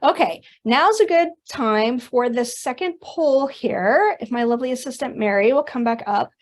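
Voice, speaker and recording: A middle-aged woman presenting a business webinar, telling stories in an animated, conversational way. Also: fairly high pitch, normal speed, a little hiss or hum. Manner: animated storytelling with conversational asides. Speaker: workshop presenter.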